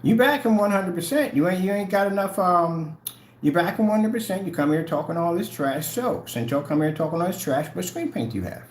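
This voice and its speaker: A channel host rants on a livestream, briskly confronting and taunting viewers with the same questions again and again, his lively intonation jumping from low mutters to high jabs. A slight hiss or hum sits in the recording.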